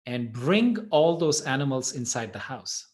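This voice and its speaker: A man doing a patient old rabbi who hands out instructions in a calm, measured way. The voice stays soft and steady, close to the storyteller's own. It is a storybook part inside a meditation talk. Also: medium pitch. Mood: firm. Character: calm, wise older village rabbi.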